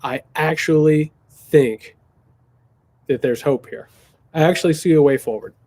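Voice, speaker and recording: A man's voice: on the high side, unhurried, darkish tone. A man hosting a political Q&A stream, talking bluntly and passionately, swearing and repeating phrases for emphasis. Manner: mocking voices when quoting others. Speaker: political commentator hosting a viewer Q&A. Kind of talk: casual livestream commentary.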